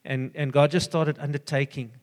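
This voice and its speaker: An older man giving an earnest, halting personal testimony full of fillers and restarts. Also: a little high, level tone, big-room sound. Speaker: church member giving a testimony.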